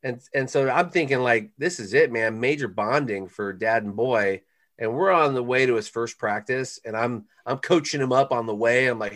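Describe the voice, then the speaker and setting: A middle-aged man speaking as a podcast guest in a mid-pitched voice. He tells a story in an animated, heartfelt way and drops "man" into his sentences. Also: moderate pace. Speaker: guest, parenting author.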